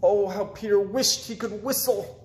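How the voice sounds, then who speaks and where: A man reading children's picture books aloud in an expressive storytelling voice. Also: high-pitched, moderate pace, reverberant, a little hiss or hum. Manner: expressive, with swoops up and down. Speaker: children's book reader.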